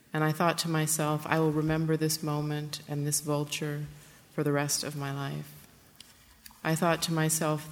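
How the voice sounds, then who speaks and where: A woman author who explains her book, then reads an intimate first-person passage from it aloud, with some hesitant asides. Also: sits low. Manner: intimate, plain-spoken reading with hesitant asides. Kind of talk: reading aloud from a memoir. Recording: roomy hall with faint background noise.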